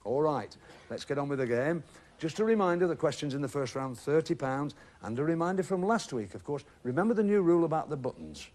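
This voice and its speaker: A man's voice: fairly high pitch, animated, a little fast, hardly any pauses, darkish tone. A man hosting a TV game show, chatting and joking with contestants in a studio. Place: TV studio with a live audience.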